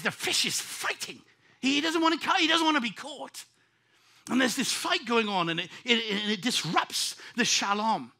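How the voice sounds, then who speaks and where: A man's voice: sits high, bright, forceful tone, breathy edge. A male preacher giving an impassioned, prophetic sermon and addressing people in the room by name.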